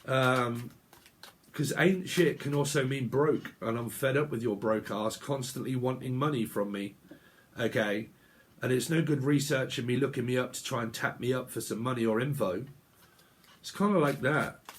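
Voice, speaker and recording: Man, mid-pitched, blunt rambling tarot reader vlog, lots of swearing. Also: normal speed. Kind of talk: casual tarot reading vlog.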